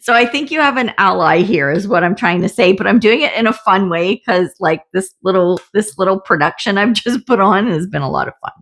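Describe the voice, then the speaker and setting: A woman's voice: mid-range voice, lively intonation, fairly quick, hardly any pauses, fairly bright tone. A middle-aged woman giving a casual tarot reading, chatty and often laughing, with the odd swear word. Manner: chatty, laughing, swears, acts out little voices. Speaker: tarot reader.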